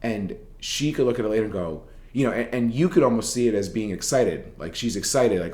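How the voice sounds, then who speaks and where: A man's voice: fairly low pitch, animated, a little fast, few pauses, darkish tone, reverberant. A man teaching a journalism writing class in a recorded lecture, talking casually and rambling, with many fillers and restarts.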